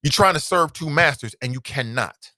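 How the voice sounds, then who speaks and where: A man's voice: on the high side, animated, normal speed, bright, forceful tone, no room sound. Blunt, fired-up male talk show host. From United States. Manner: blunt, fired-up ranting with swearing. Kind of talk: opinionated solo commentary.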